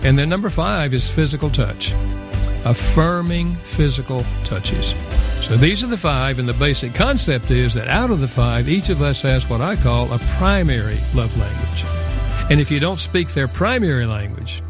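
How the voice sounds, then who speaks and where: A man's voice: mid-range voice, expressive, moderate pace, music in the background. A man guest on a radio interview, earnestly explaining his ideas point by point. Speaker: author and guest.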